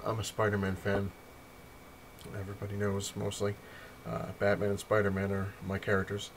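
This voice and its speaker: Rambling low-voiced guy recapping comics. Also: monotone, moderate pace, a little hiss or hum. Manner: rambling, self-correcting, swears freely. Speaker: comic collector reviewing his haul. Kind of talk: casual vlog recap.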